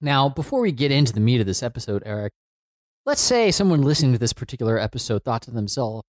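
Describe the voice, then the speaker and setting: A man's voice: medium pitch, animated, fast, no echo, studio quality. A man co-hosting a podcast, explaining the show's approach in an earnest, casual way. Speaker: podcast co-host.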